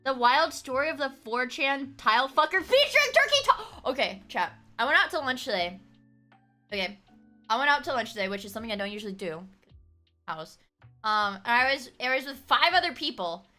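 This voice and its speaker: A woman streamer chatting casually with her viewers, laughing often and breaking into sudden shouts. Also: a little high. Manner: animated, laughing, bursts into shouting. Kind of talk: casual chat.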